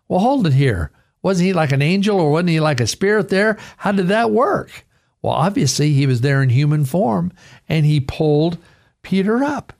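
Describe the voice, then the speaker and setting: Animated gravelly-voiced male radio preacher. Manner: expressive preaching with dramatic pitch swings. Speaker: pastor. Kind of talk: radio devotional sermon.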